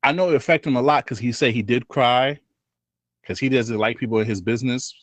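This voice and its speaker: A man co-hosting a podcast in casual banter, animated and slangy, laughing often and mimicking other people's voices. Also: medium pitch, brisk, no room sound. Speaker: podcast co-host.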